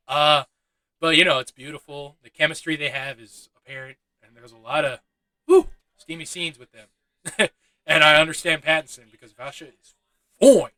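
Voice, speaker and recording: A man's voice: fairly high pitch, bright, forceful tone, dry recording, poor audio. A young man giving a loose, chatty movie review, swearing freely and laughing at his own asides. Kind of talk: casual spoken film review.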